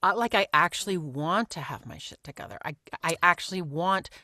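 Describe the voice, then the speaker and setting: A woman's voice: fairly low pitch, expressive, fairly quick, sharp tone, no room sound, clean studio sound. A woman hosting a podcast, asking questions in a playful, self-deprecating and emphatic way. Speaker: podcast host. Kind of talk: casual conversational interview.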